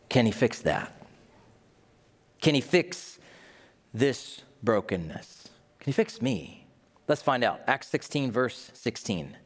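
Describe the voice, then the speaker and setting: A man preaching a sermon in a lively, joking way, acting out quoted voices. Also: medium pitch, measured pace. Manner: animated, jokey, acts out voices. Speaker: pastor.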